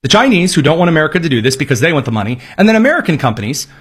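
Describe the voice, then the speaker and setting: A man's voice: a little high, very animated, racing, fairly bright tone, breathy edge. A man delivering sarcastic, emphatic political commentary in a ranting style. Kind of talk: opinionated commentary.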